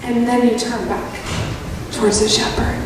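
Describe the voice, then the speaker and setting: A woman preacher, giving a sermon in a folksy, animated storytelling way with playful asides to the congregation. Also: on the high side, unhurried. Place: church sanctuary. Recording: echoey hall, voice from a distance with background noise.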